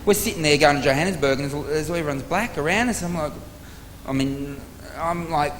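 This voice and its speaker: A high-pitched Australian man doing stand-up, rattling through profane, exasperated stories and jumping to sudden shouts. He sounds live on a theatre stage, with a long hall echo and clear audience noise all around him. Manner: rapid, profane, exasperated storytelling with sudden loud outbursts. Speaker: stand-up comedian. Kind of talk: stand-up comedy routine.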